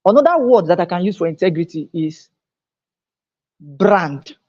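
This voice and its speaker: A woman speaking at a business seminar. She talks emphatically, repeats her words as she restarts phrases, and climbs higher and louder on her key points. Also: sing-song, normal speed. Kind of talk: motivational business seminar talk. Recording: dull lo-fi sound.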